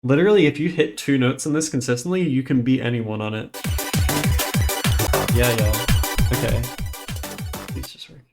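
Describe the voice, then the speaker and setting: A man's voice: mid-range voice, steady tone, moderate pace, pauses often. A man casting a rhythm game tournament live, chatty and frank, getting flustered over stream trouble. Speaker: tournament caster. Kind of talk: casual live game commentary. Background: game music.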